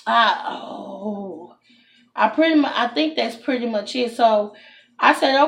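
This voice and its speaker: A woman telling a storytime to her viewers, animated and indignant, calling them y'all. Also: a little high, slow pace, gravelly. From Texas. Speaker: vlogger. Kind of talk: casual storytime talk to camera.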